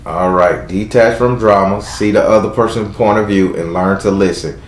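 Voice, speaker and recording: A man's voice: on the low side, normal speed, reverberant, a little hiss or hum, rough recording. A man with a Southern US accent giving a live tarot reading to a caller, blunt and chatty, talking aloud to spirits as he goes. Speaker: tarot reader.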